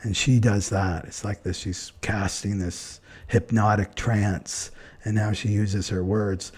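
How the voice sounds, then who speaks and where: A man who is an astrologer, chatting in a relaxed way on a live stream as he answers viewer comments, often adding "right?" and short laughs. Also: lowish voice, takes it slowly, slightly rough. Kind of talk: live-stream talk and chart reading.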